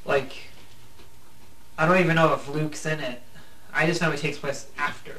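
A man's voice: a little high, fairly even intonation, moderate pace, sharp tone. A man co-hosting a casual podcast, joking around, laughing and swearing freely. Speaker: podcast co-host. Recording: echoey room, distant mic, faint hiss.

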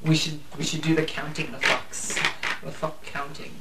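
A man's voice: a little high, flat delivery, normal speed, sharp tone. A man co-hosting a casual podcast, joking around, laughing and swearing freely. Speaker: podcast co-host. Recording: echoey room, distant mic, faint hiss.

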